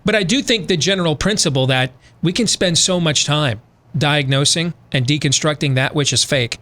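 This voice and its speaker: A male talk radio host with a slightly high voice, leaning on rhetorical questions in a loose, emphatic monologue. He shifts easily into a sponsor read without losing the conversational tone. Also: normal speed, sharp tone.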